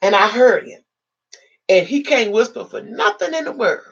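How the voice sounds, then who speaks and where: Raspy gravelly woman on a live stream, swoops all over when she tells it, dull lo-fi sound. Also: fairly high pitch, normal speed. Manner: dramatic, animated retelling with acted-out quotes. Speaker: live video host. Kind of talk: emotional personal storytelling to live viewers. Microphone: live video chat setup.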